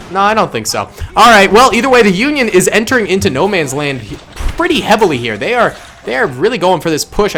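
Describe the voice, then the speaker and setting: A man talks through a battle simulation in casual gameplay commentary, thinking aloud and correcting himself as he goes. His voice sits fairly high for a man. He reacts quickly to what he sees. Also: bright, forceful tone, a little hiss or hum. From suburban Massachusetts. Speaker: gaming channel host.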